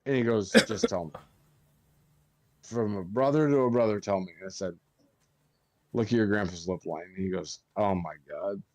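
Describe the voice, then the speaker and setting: A man's voice: lowish voice, normal speed, pauses often, no echo. A man who works as a funeral director, chatting on a podcast and swearing freely as he tells stories. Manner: swears a lot while telling stories. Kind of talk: casual podcast chat.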